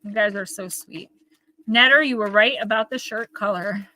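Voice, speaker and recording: A woman's voice: medium pitch, normal speed, bright, forceful tone. A woman with a Northern New Jersey accent, chatting and rambling to her viewers as she hosts a live oracle card reading.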